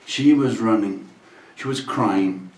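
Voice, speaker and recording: English guy hosting a stream, exasperated comic rant, slow drawl, roomy echo. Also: fairly low pitch. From England. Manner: exasperated, animated ranting with sudden loud outbursts. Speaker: livestream host. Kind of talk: comedic storytelling rant.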